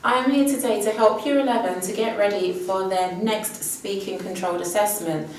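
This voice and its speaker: A woman's voice: medium pitch, steady tone, normal speed, a little mellow, a little hiss or hum. A woman teaching Spanish, giving an upbeat, emphatic exam prep lesson. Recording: distant mic with heavy room echo.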